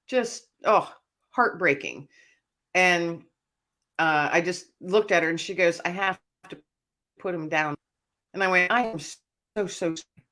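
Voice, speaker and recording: A woman author being interviewed, telling a personal story in an animated, emotional way. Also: lowish voice. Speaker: author and speaker, guest.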